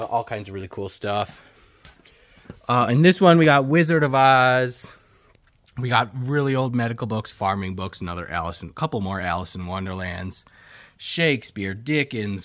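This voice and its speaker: Man, low voice, dry close sound, bookstore owner giving a brisk walking tour, lists titles nonstop. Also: a bit bright, no echo. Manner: rapid listing, hums filler tunes. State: out of breath.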